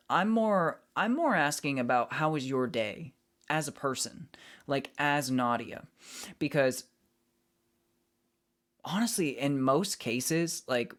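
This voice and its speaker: A man's voice: mid-range voice, fairly bright tone. A man streaming, chatting casually with his viewers and greeting them as he reads the chat. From United States.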